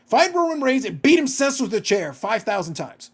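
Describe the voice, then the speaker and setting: Lively ranting man on a podcast. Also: extremely high pitch, a little fast, slightly rough. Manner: ranting, exasperated, profane. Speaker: podcast co-host. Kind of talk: casual podcast chat.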